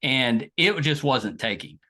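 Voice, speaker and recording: Bright Southern drawl podcast host. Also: female voice, a bass voice, big pitch swings, slow. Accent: West Virginian Southern drawl. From West Virginia, USA. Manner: chatty, self-deprecating, laughs often. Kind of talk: casual interview chat.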